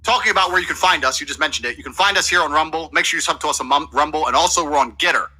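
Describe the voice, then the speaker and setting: A man's voice: on the high side, rapid-fire, sharp tone, slightly rough, low-quality recording. A man in his thirties from England co-hosting a streamed show, brash and hyped, rattling off promo patter. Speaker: podcast co-host. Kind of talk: boastful streamed talk.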